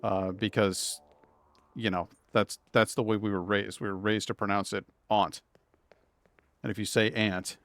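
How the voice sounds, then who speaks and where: With a lowish, fairly bright voice, a man speaks unhurriedly in a level tone. This Massachusetts native with a New England accent chats casually while streaming a video game, rambling and tossing in jokes at his own expense.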